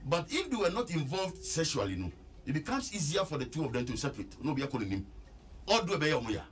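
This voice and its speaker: Emphatic Ghanaian man with a high, lively voice. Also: a little hiss or hum. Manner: emphatic, slow and repetitive for stress. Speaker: relationship counselor. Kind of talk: radio advice talk.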